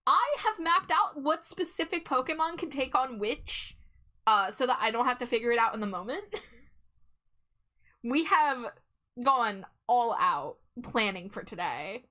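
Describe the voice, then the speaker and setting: A woman's voice: fairly high pitch, lively intonation, unhurried, bright, forceful tone. A young adult woman streaming live, chatting casually and playfully, laughing often. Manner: giggly, playful, breaks into frequent laughter.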